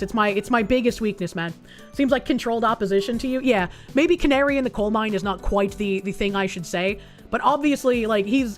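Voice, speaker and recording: Woman streamer, sarcastic and foul-mouthed, fairly high voice, faint background music. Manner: sarcastic, blunt, profane. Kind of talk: reading an article aloud and reacting.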